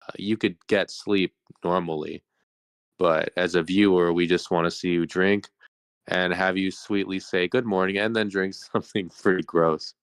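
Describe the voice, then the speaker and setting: A man's voice: deep voice, fairly bright tone, clear, resonant tone, no echo, studio quality. A man co-hosting a casual podcast chat, teasing his friend and explaining himself patiently. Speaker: podcast co-host.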